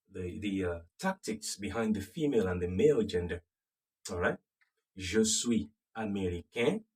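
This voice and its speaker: A man with a Nigerian accent teaching French, slowly repeating phrases and checking that the class follows. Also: lowish voice, darkish tone, husky. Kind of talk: slow classroom lesson. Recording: voice from a distance off the mic.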